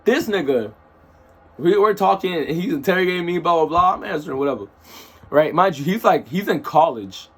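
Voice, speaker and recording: Husky-voiced man telling a rambling story. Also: on the high side, a little fast. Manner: animated, rambling, slang-heavy storytelling. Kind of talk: casual storytime.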